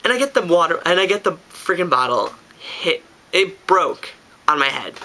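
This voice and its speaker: Chatty young man with a bright voice. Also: sits high, big pitch swings, normal speed. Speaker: vlogger. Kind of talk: casual storytelling to camera.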